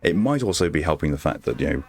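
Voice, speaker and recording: A man streaming his art, talking softly in an ASMR-style murmur right on a close microphone, rambling to himself as he draws. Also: extremely low pitch, sing-song, fast talker. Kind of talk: soft ASMR-style stream chat while drawing. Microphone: very close desk microphone. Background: faint background music.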